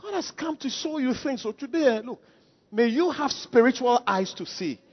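A man preaching a sermon. He is emphatic, swings from quiet asides to shouted calls, and keeps asking rhetorical questions. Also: very high-pitched, lively intonation, normal speed, a little hiss or hum. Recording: dull lo-fi sound with long hall reverb.

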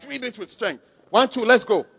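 A man preaching a sermon. He is emphatic, swings from quiet asides to shouted calls, and keeps asking rhetorical questions. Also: very high voice, lively intonation, moderate pace, vocal fry, a little hiss or hum. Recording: dull lo-fi sound with long hall reverb.

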